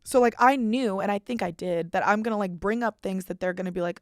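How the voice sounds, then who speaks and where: Gravelly-voiced young woman, rambling chat. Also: mid-range voice, quick pace, hardly any pauses, no echo, clean studio sound. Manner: rambling, self-deprecating, swears freely. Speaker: podcast host. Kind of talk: casual chat.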